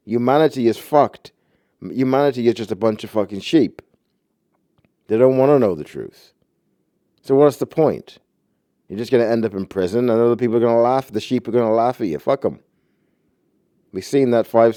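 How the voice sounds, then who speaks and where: A man's voice: lowish voice, mellow, dry recording, studio quality. A man ranting about a movie in a profane, agitated, rambling way.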